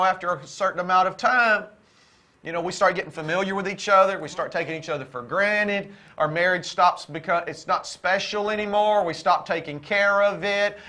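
Man, high voice, co-host, preaching style, repetitive, exhorting. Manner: repetitive, exhorting, rising to near-shouts. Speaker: co-host of a Christian marriage show.

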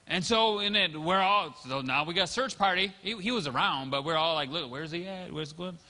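High-voiced preaching pastor in reverberant hall. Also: male voice, moderate pace, pushed and bright. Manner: storytelling, acts out quotes. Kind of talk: sermon.

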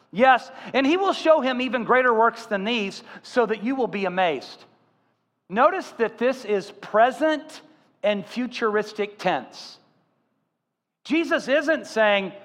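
High-voiced pastor preaching in a reverberant hall. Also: male voice. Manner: animated storytelling, acting out voices. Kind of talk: sermon.

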